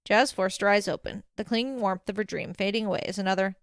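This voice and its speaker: Brief: woman storyteller, mid pitch, dry close-miked narration. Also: quick pace, few pauses, no room sound. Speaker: audiobook narrator. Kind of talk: fanfiction audiobook narration.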